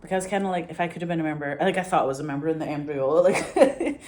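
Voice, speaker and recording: A woman's voice: low-pitched, lively intonation, fast, a little mellow. A Scottish woman telling stories in a casual, rambling way, swearing freely and saying "like" constantly. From Scotland. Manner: rambling, profane, heavy use of "like". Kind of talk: casual storytelling.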